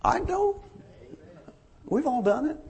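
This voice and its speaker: A man's voice: extremely high pitch, big pitch swings, takes it slowly, creaky, darkish tone. A man preaching a folksy sermon, telling stories to his congregation. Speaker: pastor.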